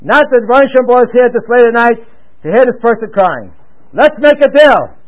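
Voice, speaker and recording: Man reads a persuasive, practical man; very high voice, lo-fi radio. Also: expressive, moderate pace. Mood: persuading.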